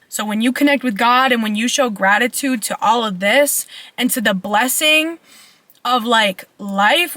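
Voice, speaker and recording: A woman's voice: sits high, bright, forceful tone, no room sound. A young woman life coach ranting bluntly and profanely in a casual vlog.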